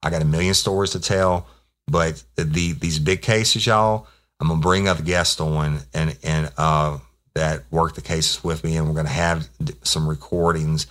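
A man's voice: rumbling low, fairly even intonation, normal speed, fairly bright tone. A middle-aged man, a former police officer hosting a podcast and telling a story in a profane, rambling, laid-back way. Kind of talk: casual storytelling.

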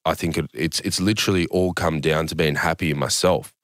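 Man in his thirties, deep voice, dry close sound, animated and laughing, swears freely. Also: brisk, dry recording. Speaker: guest. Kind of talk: casual podcast chat.

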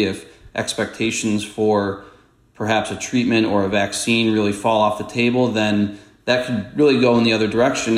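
Low-voiced man explaining markets, roomy sound. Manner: measured, explanatory, steady. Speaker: macro strategist guest. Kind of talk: analytical market commentary. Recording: roomy echo.

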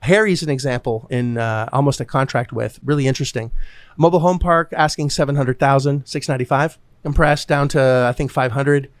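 A man's voice: mid-range voice, a little fast, dry recording. A man talking about real estate deals in a casual, blunt way, swearing freely and acting out what others said. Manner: blunt, swears freely, acts out quoted voices. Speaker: podcast host, real estate investor. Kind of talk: casual chat.

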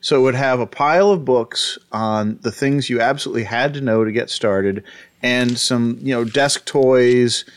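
A man's voice: medium pitch, normal speed. Rambling male podcast guest. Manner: rambling storyteller, many fillers and restarts. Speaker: guest, book author and publisher. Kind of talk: casual podcast interview.

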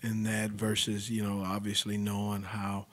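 A woman's voice: very deep voice, completely flat delivery, normal speed. A woman hosting a casual interview, mostly asking short questions and reacting. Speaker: host.

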